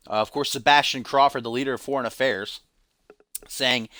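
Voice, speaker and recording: Man, stream host, casual wrestling-game commentary, joking, forceful tone, dry close sound. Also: medium pitch, fairly even intonation, normal speed, no echo. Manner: joking, teasing chat asides. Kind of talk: live play-by-play of a wrestling video game.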